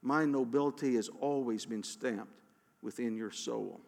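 A man's voice: medium pitch, unhurried, vocal fry, darkish tone. A man reading as a grave, merciful old king. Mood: tender. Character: solemn old king, grieving and merciful father. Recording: long hall reverb.

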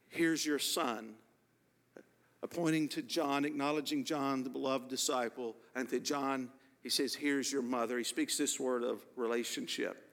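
A man preaching a sermon as a pastor, speaking earnestly and slowing down to stress key words. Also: medium pitch, fairly bright tone. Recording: long hall reverb.

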